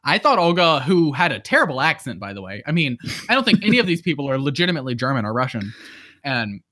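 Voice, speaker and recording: A man's voice: medium pitch, sing-song, fast, pushed and bright. A man co-hosting a podcast, chatting casually and animatedly, swearing freely and acting out quotes. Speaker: podcast co-host. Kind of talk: casual chat.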